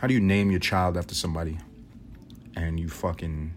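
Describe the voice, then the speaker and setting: A man's voice: steady tone, a little fast. A young man from New York City telling rambling, profane stories on his solo podcast. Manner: rambling, profane, muses aloud; mimics his grandmother in a high voice. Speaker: podcast host. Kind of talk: casual solo storytelling.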